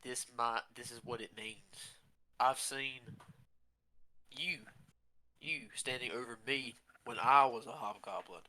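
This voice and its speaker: A man speaks in character during a tabletop game, earnest and pleading. His voice is bright and forward at a middle pitch. He pushes hard for answers. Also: slow, long pauses. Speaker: player. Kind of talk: in-character tabletop role-play.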